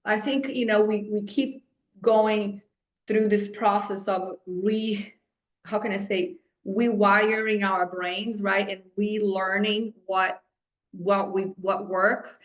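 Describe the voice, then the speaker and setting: Animated female fitness coach, roomy sound. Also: medium pitch. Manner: animated, talks to the group with frequent "right?" check-ins. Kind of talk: group coaching call.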